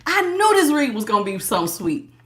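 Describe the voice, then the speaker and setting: A middle-aged woman giving a casual tarot reading to her viewers, animated and laughing, calling them honey and baby. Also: high-pitched, fast. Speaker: tarot reader.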